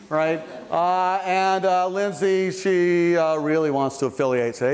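A man's voice: high voice, fairly even intonation, moderate pace, hardly any pauses. A man lecturing as a university psychology professor, talking in a conversational, playful way with frequent asides. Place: large lecture hall. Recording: echoey lecture hall.

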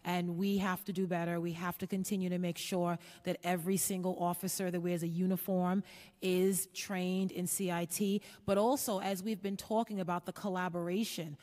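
Council chair lady, lowish voice, measured and earnest, big echoey chamber. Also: little pitch movement, warm tone. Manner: earnest, measured, with filler ums. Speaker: committee chair, council member. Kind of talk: formal public remarks. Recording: long echo of a large hall.

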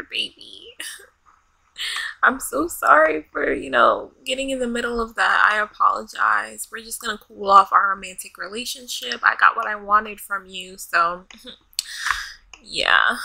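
Young woman gamer, bright and gravelly, unhurried, playful commentary with lots of laughter. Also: mid-range voice, no room sound, low-quality recording. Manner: loud, laughing, playful, talks back to the game characters in slang. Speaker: gaming YouTuber. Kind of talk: casual let's-play commentary.

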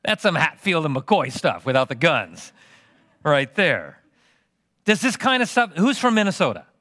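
A middle-aged man preaching a sermon as pastor, animated and teasing the congregation with questions. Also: fairly high pitch, normal speed, no echo, studio quality.

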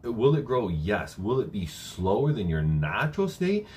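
A man's voice: on the low side, huge pitch swings, moderate pace, darkish tone. A young man coaching viewers through a live-stream Q&A at home, reading chat questions aloud and answering casually with many fillers. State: briefly out of breath.

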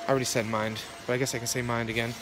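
A young man talks into his phone outdoors in the cold, shivering and rambling in a profane, heated rant. His voice sits in an ordinary middle pitch. Clear traffic noise runs behind him on this rough phone recording. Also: level tone, racing. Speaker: vlogger. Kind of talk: casual rambling rant to camera. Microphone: phone camera.

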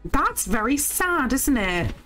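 Lively woman swearing through her game. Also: high voice, takes it slowly, soft background music. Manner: chatty, swears freely, talks to viewers while playing. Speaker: streamer. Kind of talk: casual game-stream chat.

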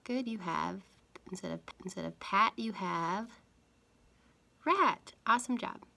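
A young adult woman teaching a phonics lesson to young children, speaking clearly and encouragingly. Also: medium pitch, measured pace, sharp tone.

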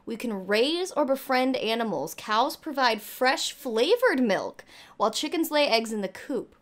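A woman's voice: fairly high pitch, measured pace. A young woman reacting to a trailer and reading it aloud, gushing and a little out of breath. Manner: gushing, squealing with excitement. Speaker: gaming YouTuber reacting to a trailer.

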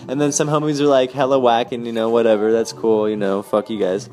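A man's voice: medium pitch, little pitch movement, a little fast, hardly any pauses, darkish tone. Rambling, slangy young man with music behind. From Boise, Idaho. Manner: slangy and profane, loose run-on sentences. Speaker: vlogger telling a personal story. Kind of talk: rambling casual storytelling.

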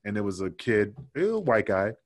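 A man's voice: lowish voice, sing-song, moderate pace. A man, a former pro wrestler, telling loose, profane stories with lots of fillers as a guest on a casual podcast interview.

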